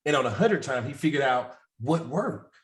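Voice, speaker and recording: With a mid-range voice, lively intonation and a moderate pace, a real estate investing coach recounts candid stories on a group video call. He's loose and self-deprecating, laughing frequently, in a roomy, echoing recording.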